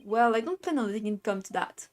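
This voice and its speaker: Earnest young defense lawyer, polite and steady, woman reading the part, light voice. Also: a little high, fast, close to an everyday voice.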